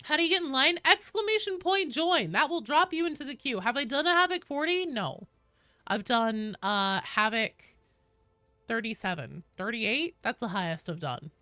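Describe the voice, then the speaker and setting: A young woman with a high, expressive, bright voice streams a game from her home office with the door closed, speaking at a normal pace in a forceful tone. She chats casually with viewers, talks to her cat, and reads out the queue. The recording has no room sound and soft background music.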